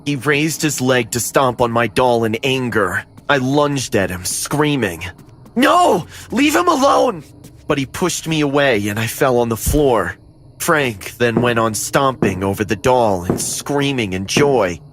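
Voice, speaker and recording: A man narrating a scripted horror story in the first person, steady and dramatic. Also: mid-range voice, unhurried.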